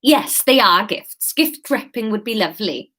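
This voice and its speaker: A woman's voice: mid-range voice, animated, moderate pace, bright, forceful tone, breathy edge. A woman, voicing a polite young woman paying for books in her own voice. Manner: politely decisive, a little careful.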